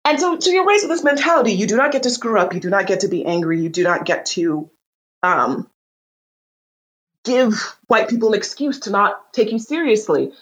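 A woman being interviewed in a casual conversation, telling stories with lively energy and frequent restarts. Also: medium pitch, a little fast, poor audio. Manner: animated storyteller, frequent restarts. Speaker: interview guest.

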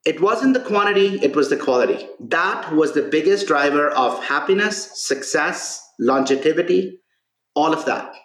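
A man speaking as a podcast guest and author, telling stories in an earnest, animated conversational way. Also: a little high, normal speed. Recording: roomy echo.

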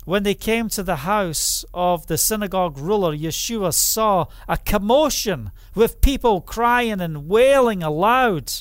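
A man preaching a sermon, emphatic and repetitive, who builds up to loud exclamations. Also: sits high, expressive, measured pace, few pauses, no echo.

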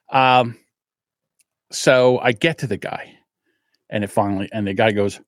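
A podcast host with a fairly low voice speaks at a moderate pace in a studio-quality recording with no room sound. Animated and freely swearing, he tells a casual story, acting out its voices and poking fun at his own temper.

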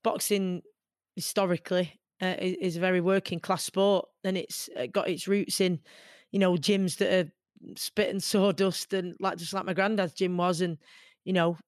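A woman in her forties with a Mancunian accent, from Manchester, talking as an interview guest in an earnest, animated way. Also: lowish voice, normal speed, dry recording, studio quality. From Manchester, England. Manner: earnest and animated, many fillers. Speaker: guest, boxer. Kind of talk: conversational interview.

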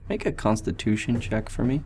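A man running a tabletop role-playing game as game master, narrating in a relaxed way with many fillers. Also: medium pitch, a little fast, background noise.

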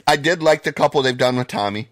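A man's voice: mid-range voice, fast, no room sound. Man, podcast co-host, foul-mouthed ranter, dry close sound. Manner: profane, ranting, worked up. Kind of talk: casual podcast chat.

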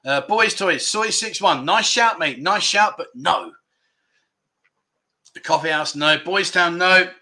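Slow and sharp-toned, his high voice carries a relaxed livestream where he voices the audience's guesses and pokes fun at the chat. The host keeps the banter jokey, leaning on "mate" and "no" again and again.

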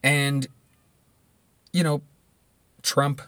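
Blunt, swearing male commentator, slightly high voice, rambling delivery, dead-dry close sound. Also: flat delivery, drawn-out words, a bit bright, smooth, dry recording. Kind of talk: profane casual commentary.

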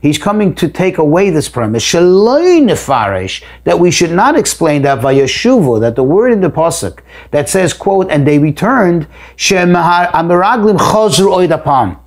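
A man's voice: a little high, sing-song, normal speed, hardly any pauses. A man teaching a text study lesson, reading each phrase aloud and then explaining it, with repeated words and emphatic rises. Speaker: Torah teacher.

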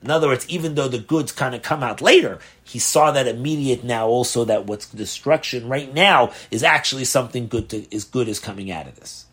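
Rabbi posing questions while teaching. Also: male voice, medium pitch, a little fast, hardly any pauses, breathy edge. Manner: asks rhetorical questions, animated emphasis. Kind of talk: Torah class explaining a text.

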